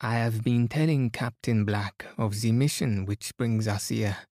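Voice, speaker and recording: A man's voice: on the low side, a little slow, darkish tone, no echo, clean studio sound. A man voicing a fussy middle-aged Belgian detective who speaks precisely and slips in French phrases, read as a bedtime story.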